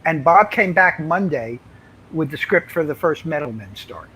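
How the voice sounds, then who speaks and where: A man's voice: on the high side, lively intonation, moderate pace, bright, forceful tone, husky, low-quality recording. An older man, a comics writer, telling anecdotes in casual interview chat, rambling with many fillers and restarts.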